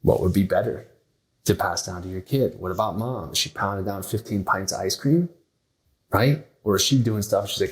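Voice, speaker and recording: A man's voice: lowish voice, normal speed, poor audio. A man hosting a health podcast, talking bluntly and emphatically, often acting out what others say. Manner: blunt, emphatic, acts out quoted voices. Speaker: podcast host. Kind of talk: motivational health talk.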